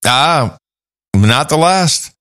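Over soft background music, a male podcast co-host with a high, expressive and fairly bright voice reads out listener donation notes. He chats casually, jokes, laughs a lot and tosses in quick asides.

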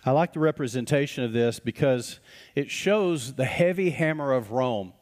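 A man's voice: medium pitch, lively intonation, moderate pace, a little mellow. A man, a pastor preaching a sermon in a church and telling folksy stories with acted-out voices. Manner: folksy storytelling, acts out quoted voices. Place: church sanctuary. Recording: reverberant church hall.

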